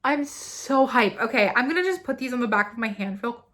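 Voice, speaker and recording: Young female vlogger, gushing and gasping, fairly high, bright voice. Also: fast. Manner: gushing, gasping, breathless excitement. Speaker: beauty vlogger. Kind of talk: excited unboxing chat.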